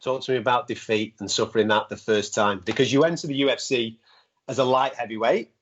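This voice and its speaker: A man interviewing a guest, asking questions in a quick, enthusiastic way. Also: medium pitch, slight background noise. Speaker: interviewer, sports broadcaster. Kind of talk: casual interview. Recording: muffled lo-fi audio.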